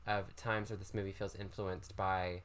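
A man's voice: low-pitched, flat delivery, moderate pace, a bit bright. A man guesting on a podcast, chatting casually and enthusiastically while sharing his theories about a movie.

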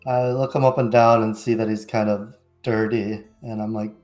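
A man's voice: on the low side, little pitch movement, normal speed, hardly any pauses, darkish tone, faint music behind. A man playing a tabletop game, describing his character in a casual, hesitant way. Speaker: player. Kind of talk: tabletop role-play.

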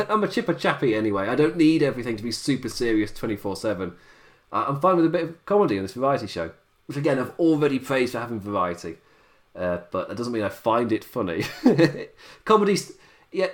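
A tired man reviewing wrestling in a rambling, casual livestream chat, laughing often at his own remarks. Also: medium pitch. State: tired late-night voice.

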